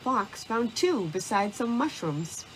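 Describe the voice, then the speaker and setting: A woman narrating a children's storybook, reading in a slow, deliberate way. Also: fairly high pitch, big pitch swings, fairly bright tone, a little hiss or hum.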